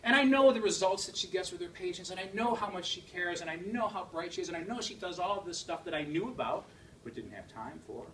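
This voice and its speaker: A man speaking as a guest at an event, telling a story with lively emphasis, quick laughs and repeated phrases. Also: high voice. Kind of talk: motivational talk to an audience. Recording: distant mic with faint room noise.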